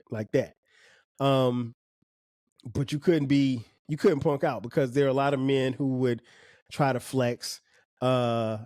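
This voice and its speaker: A man in his forties hosting a podcast, telling stories in a relaxed, conversational way with slang and chuckles. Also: medium pitch, no echo, clean studio sound. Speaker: podcast host. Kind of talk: casual storytelling monologue.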